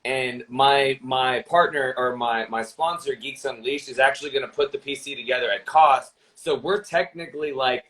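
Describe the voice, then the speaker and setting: A young man chats casually as a podcast guest, telling stories about his streaming work. His voice sits at an ordinary middle pitch. He rambles and restarts sentences often. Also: normal speed, few pauses, fairly bright tone, poor audio. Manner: rambling, lots of fillers and restarts.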